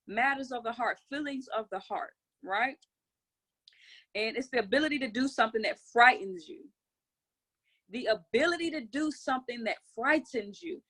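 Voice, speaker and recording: A woman hosting a motivational group conference call, urging listeners with energetic, repetitive, preacher-like phrasing and call-and-response, speaking into a phone or computer mic. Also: a little high.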